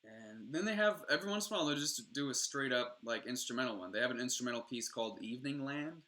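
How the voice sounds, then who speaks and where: A man's voice: medium pitch, animated, quick pace, sharp tone. A young adult man streaming, rambling casually and enthusiastically with frequent swearing.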